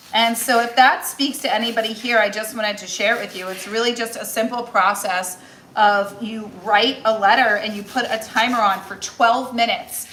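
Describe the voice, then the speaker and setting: A woman's voice: mid-range voice, pushed and bright, reverberant. A woman in her forties, a nutritionist and weight loss coach, chatting casually and encouragingly on a cooking livestream with many restarts. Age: 40s.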